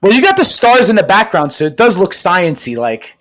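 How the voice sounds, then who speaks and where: Podcast guy, super animated voice all over the place, swears a ton, keeps going "right?". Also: high voice, brisk. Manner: animated, profane, emphatic, keeps asking "right?". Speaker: podcast co-host. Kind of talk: casual chat.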